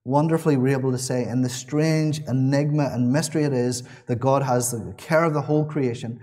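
A man's voice: mid-range voice, steady tone, fairly quick, a little mellow. A man preaching a sermon in a church, earnest and repeating his key phrases, with small restarts.

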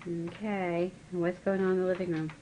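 A woman, a mother filming a home video, asking her child brisk questions and directing the shot. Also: on the low side, level tone, background noise. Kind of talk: casual home video interview.

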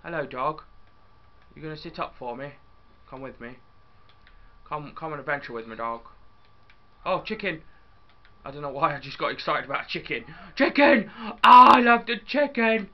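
A young man narrates his gameplay in a loose, chatty way, often bursting into excitement and talking to his viewers. His voice sits at a middle pitch. The recording sounds dull and lo-fi, like a cheap home mic. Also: moderate pace, long pauses. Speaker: gaming YouTuber. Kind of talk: casual game commentary.

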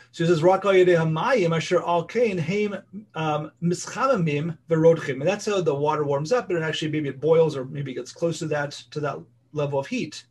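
A man's voice: a little high, brisk, darkish tone, slightly rough. A man teaching a casual study group, reading passages aloud and explaining them in plain English with frequent fillers. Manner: reads Hebrew text then explains it in English, with fillers. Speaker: Torah class teacher.

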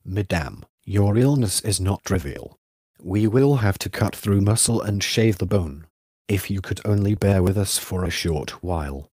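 Careful, persuasive doctor in an audiobook, low and dry, read by a man. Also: animated, measured pace, darkish tone, no room sound. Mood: earnest. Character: cautious male attending physician.

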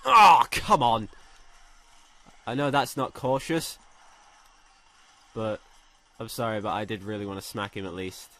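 A young man doing let's play commentary, excitable, swearing a lot and shouting when thrilled. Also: fairly low pitch, moderate pace, pauses often. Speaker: gaming commentator.

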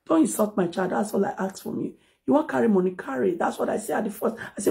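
Mixing Pidgin and English, a Nigerian-accented mom who is a social media personality heatedly scolds critics during a live video shot on a phone. She talks fast and animatedly, her medium-pitched voice mellow with vocal fry.

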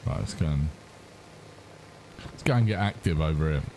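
Very deep-voiced man, Brummie-Irish accent. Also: darkish tone, a little hiss or hum. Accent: mix of Birmingham and Irish. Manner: sweary, laughing banter and rushed call-outs. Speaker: teammate. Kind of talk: casual gaming chat.

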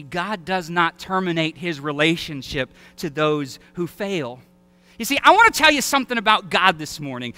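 A male preacher with a Southern accent delivers an animated sermon, often slipping into acted-out voices. His voice sits high and is strikingly bright and smooth. The sound is close and dry. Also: no room sound. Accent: Southern American. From Alabama. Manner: animated, acts out quoted voices and shouts. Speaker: pastor. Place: church sanctuary.

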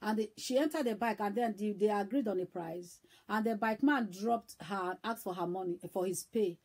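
A woman evangelist preaching a sermon, emphatic and repetitive, swinging between loud and hushed. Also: mid-range voice, moderate pace, slightly rough.

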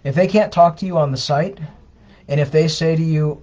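A man's voice: on the high side, a little fast, darkish tone. Man giving casual advice on a lo-fi stream. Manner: casual, conversational, many fillers and restarts. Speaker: co-host answering viewer questions. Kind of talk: live Q&A advice talk. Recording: dull lo-fi livestream audio.

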